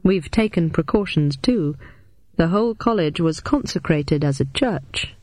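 A woman voicing a sinister undead male janitor who speaks in a slow, drawling, menacing way. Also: low voice, lively intonation, a little mellow, no room sound. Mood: sly.

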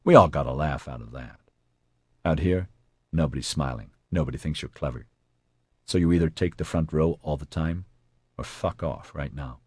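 A man's voice: rumbling low, moderate pace, darkish tone, slightly rough, no room sound. A man voicing a blunt, stern male soldier who speaks in a cold, cutting way.

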